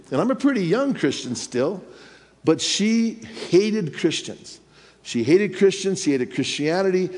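A male pastor in a church sanctuary, telling a personal story in a lively, animated way and chuckling now and then. His voice sits on the higher side for a man. A long hall reverb trails each phrase. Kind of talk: sermon.

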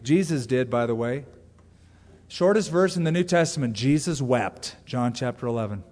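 A middle-aged man preaching a sermon as pastor, talking conversationally with sudden loud asides. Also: medium pitch. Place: church sanctuary. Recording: long hall reverb from a church.

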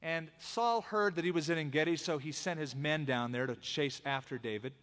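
A man preaching a sermon, telling the story in an animated, conversational way. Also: fairly high pitch, normal speed. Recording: long hall reverb.

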